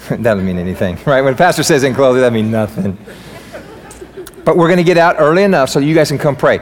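A man preaching a sermon as pastor in a church, energetic, joking and fired up. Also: medium pitch, quick pace, big-room sound. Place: church sanctuary.

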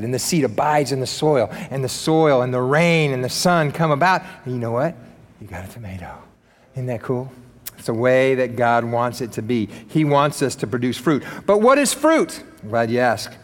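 Animated preacher in an echoing hall. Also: male voice, mid-range voice, normal speed. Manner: animated and emphatic, with joking asides. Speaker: pastor. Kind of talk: sermon.

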